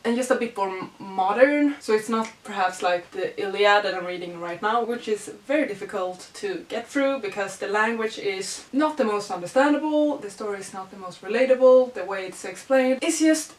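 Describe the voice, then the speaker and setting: Young woman vlogger, gushing and excitable, slightly high voice, recorded from a distance in a reverberant room. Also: moderate pace. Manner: gushing, excitable, squeals and laughs. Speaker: book vlogger. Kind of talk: casual book haul chat. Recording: echoey room, mic at a distance.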